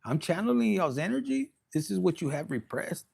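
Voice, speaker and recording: A man's voice: high voice, very animated, a little fast, gravelly, a little mellow, breathy edge. A man giving a casual, rambling and bawdy tarot reading, joking and slipping into Spanish. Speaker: tarot reader.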